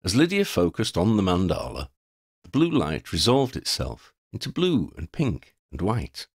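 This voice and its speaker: A man narrates a fantasy story with wildly swinging, expressive pitch. His low voice has a gravelly grain. The recording is dry and close. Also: moderate pace, no room sound. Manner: expressive, playful. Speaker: audiobook narrator.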